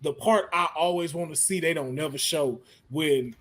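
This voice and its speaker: Animated man hosting a casual podcast. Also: fairly high pitch, moderate pace. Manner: animated, slangy, laughs often. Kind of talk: casual chat.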